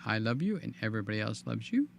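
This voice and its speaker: An older man hosting a live stream in a casual, chatty way, reading viewer comments aloud with a hoarse, tiring voice. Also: lowish voice, big pitch swings, fast. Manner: chatty, reads viewer comments aloud, hums filler sounds. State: hoarse, voice giving out. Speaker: livestream host.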